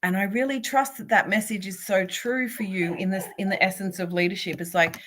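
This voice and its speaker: A woman's voice: mid-range voice, steady tone, fairly quick, a bit bright, slight background noise. A woman, a spiritual coach, doing a live oracle card reading and speaking encouragingly to viewers by name.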